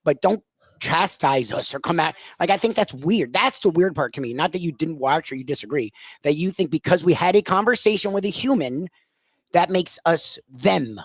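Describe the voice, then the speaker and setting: A male radio co-host with a fairly high voice who argues his point in an animated, casual way. The sound is close and dry, as in a studio. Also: moderate pace, slightly rough, dry recording. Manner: animated, opinionated.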